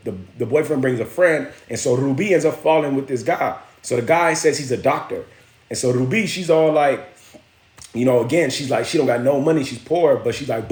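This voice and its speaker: A man's voice: medium pitch, a little mellow. A man hosting a live stream, telling a story in loose slang and breaking off to greet and thank viewers. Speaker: livestream host. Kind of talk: casual storytelling with viewer shout-outs. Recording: roomy echo.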